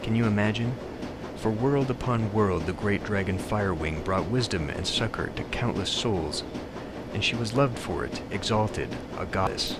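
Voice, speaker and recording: A man voicing an ancient dragon disguised as a suave gentleman who speaks in lofty, philosophical terms. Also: lowish voice, very noisy, natural voice. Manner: slow, lofty, philosophical speech.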